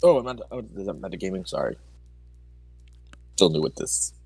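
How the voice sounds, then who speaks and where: A man's voice: deep voice, animated, normal speed, darkish tone, slightly rough, no echo, faint music behind. A man playing a tabletop game, hesitant and apologetic, new to the game. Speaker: player. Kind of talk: casual tabletop game chat.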